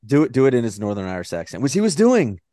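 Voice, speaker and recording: A man co-hosting a podcast in casual chat, animated and swearing freely as he jokes around. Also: medium pitch, fast, no echo, studio quality. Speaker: podcast co-host.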